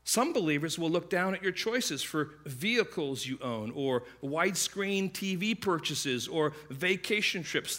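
A man preaching a sermon, telling stories in a conversational way and acting out the voices of the people in them. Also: a little high. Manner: conversational, animated storytelling with quick asides; acts out quoted voices. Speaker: pastor.

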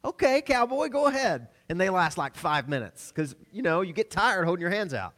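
A middle-aged man from the American South delivers a sermon in a fairly high, lively voice that rises and falls constantly. He tells stories with bursts of laughter and hushed asides, like a pastor talking straight to his congregation. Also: brisk. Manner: animated storytelling, laughs between lines, swings loud and soft.

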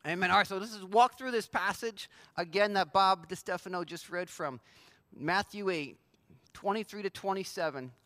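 Bright, high-voiced man preaching. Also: moderate pace, no echo. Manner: conversational, emphatic preaching. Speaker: pastor. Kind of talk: sermon.

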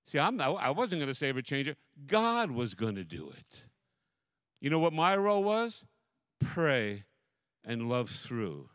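Male pastor, sermon, slightly high voice, lively storytelling, dry close mic. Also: dry recording. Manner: animated storytelling, repeats phrases, preaching cadence. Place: church.

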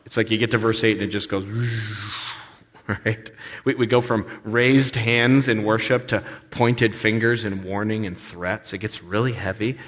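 A man preaching a sermon as pastor, animated and expressive, sometimes acting out the voices of complaining people. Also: on the low side, unhurried. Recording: long reverb of a hall.

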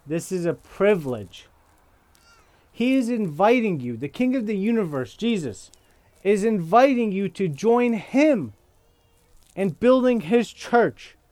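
A man preaching a sermon as pastor, slow and deliberate, often checking in with his listeners by asking "okay?". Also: high voice, very animated, darkish tone, dry recording.

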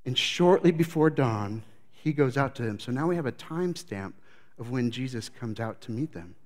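A man's voice: medium pitch, animated, moderate pace, darkish tone. A man preaching a sermon as pastor, telling the story with animation and acting out scenes.

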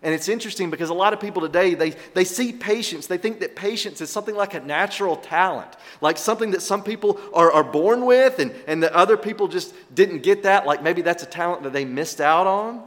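A middle-aged male pastor preaching a sermon, animated, swinging between loud emphasis and quiet asides. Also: sits high, fairly quick, hardly any pauses, in a large hall.

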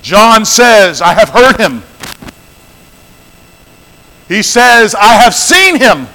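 A man's voice: high-pitched, sing-song, drawn-out words, bright, forceful tone, in a large hall, low-quality recording. A man preaching a sermon as pastor, emphatic, repeating phrases and calling out to the congregation.

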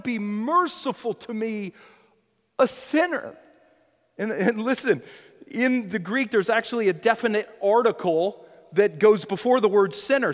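A man with a high voice preaches a sermon in a hall with long reverb. He swings between loud crying out and a hushed near-whisper, repeating phrases and restarting them for emphasis. His delivery is impassioned and dramatic.

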